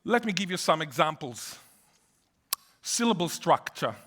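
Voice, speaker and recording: A man whose first language is Hebrew, giving an animated academic lecture on linguistics with playful asides. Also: a little high, a little slow.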